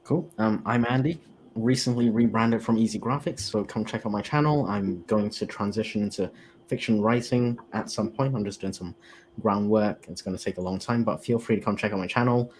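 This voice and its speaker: A man on a video call, introducing himself in a relaxed, casual way with many fillers. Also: lowish voice, fairly quick, a little hiss or hum. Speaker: panel guest. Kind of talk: casual chat.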